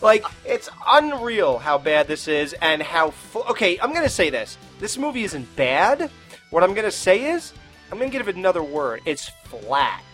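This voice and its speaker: A man's voice: sits high, big pitch swings, normal speed, a bit bright, soft background music. Sarcastic, joking male podcast co-host. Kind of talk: casual movie review chat.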